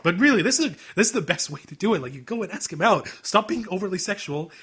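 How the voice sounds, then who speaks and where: A young man co-hosting a casual podcast, talking quickly, laughing often and acting out bits of dialogue. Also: sits high, expressive, a bit bright, slightly rough. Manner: rapid, laughing, acts out anime dialogue in quick asides. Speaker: podcast co-host. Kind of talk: casual chat.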